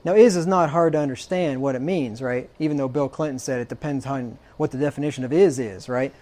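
A man's voice: mid-range voice, fairly quick, hardly any pauses, warm tone. A man preaching a sermon, emphatic, checking in with frequent rhetorical questions and dropping dry, sarcastic asides.

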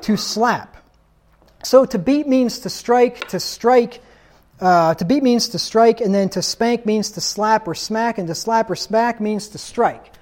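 A man's voice: high voice, unhurried, a little mellow. Guy preaching a sermon, stern and insistent, keeps asking "right?" and reading verses. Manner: reads scripture aloud and asks rhetorical questions.

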